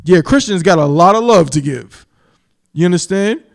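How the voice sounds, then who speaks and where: A man teaching from the Bible on a live stream, emphatic, repeating "you understand?" and slowing down to stress key words and scripture. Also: high voice, lively intonation, gravelly. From New York. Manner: reads scripture in a slow, solemn cadence.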